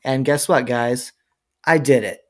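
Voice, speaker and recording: A man on a podcast casually telling a story, chatting in a relaxed way and talking to the listeners. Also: medium pitch, a little slow. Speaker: podcast co-host.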